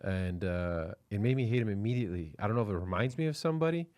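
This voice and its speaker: A man's voice: on the low side, expressive, fast, a little mellow, no room sound. A man co-hosting a podcast, laid-back and rambling, full of filler sounds as he brings up videos to show his co-host. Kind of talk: casual comedic chat.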